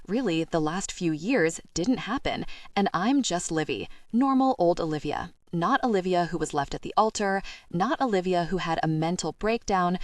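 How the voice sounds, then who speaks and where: A woman's voice: fairly low pitch, dry recording, clean studio sound. A woman narrating a first-person romance audiobook in a wry, self-deprecating way.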